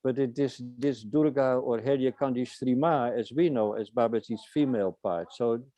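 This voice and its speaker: A man chatting on a video call, speaking hesitantly with frequent pauses and restarts. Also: mid-range voice, dark tone, no room sound. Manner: hesitant, with many uh's and restarts. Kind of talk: casual chat.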